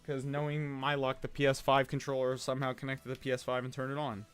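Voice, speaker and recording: Young dude livestreaming, mid-pitch voice, cusses a lot, gets flustered fast, faint game music behind. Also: male voice, monotone, clear, resonant tone. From United States. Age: young adult. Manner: rambling, swearing, easily flustered, self-mocking. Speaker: streamer. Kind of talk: casual livestream chat while gaming.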